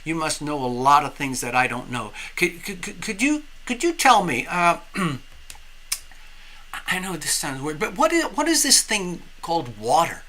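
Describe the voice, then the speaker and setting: Little fish, timid and curious, stammering, high and bright, a man putting it on. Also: big pitch swings, normal speed. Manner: stammering, hesitant.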